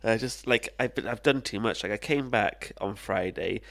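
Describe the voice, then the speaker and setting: A man's voice: lowish voice, moderate pace, creaky, fairly bright tone. A man co-hosting a podcast, chatting casually with rambling, sweary anecdotes while tired and jet-lagged. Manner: rambling anecdotes, swears a lot, laughs often. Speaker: podcast co-host. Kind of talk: casual chat.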